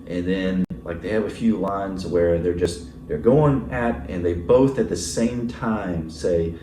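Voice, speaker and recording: A man's voice: sits low, a little slow, warm tone, reverberant, distant mic, slight background noise. A male pastor giving a casual, conversational sermon, full of fillers and often checking in with the congregation. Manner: casual, filler-heavy, asks the congregation "right?". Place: church sanctuary.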